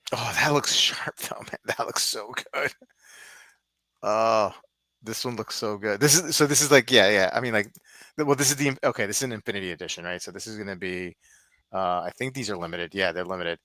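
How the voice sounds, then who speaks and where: A man's voice: lowish voice, pushed and bright, no room sound. A man hosting a casual live stream, rambling and thinking aloud as he browses.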